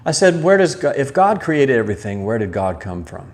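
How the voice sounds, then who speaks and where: A man's voice: mid-range voice, brisk. A man hosting a live stream, casually telling a childhood story and reading chat comments, acting out the voices he quotes. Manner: animated, acts out quoted voices. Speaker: livestream host.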